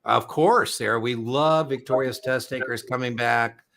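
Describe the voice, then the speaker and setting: Gravelly, bright-voiced chatty man. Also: medium pitch, moderate pace. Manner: chatty, rambling, jokey. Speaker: exam prep host. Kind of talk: casual live-stream chat.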